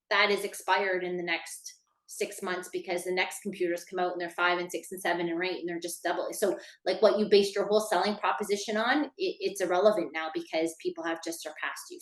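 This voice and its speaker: A woman's voice: lowish voice, roomy sound. A woman teaching a business workshop in a casual, chatty lecture style, with lots of fillers, talking straight to her listeners. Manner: chatty, many fillers, addresses listeners directly. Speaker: workshop instructor.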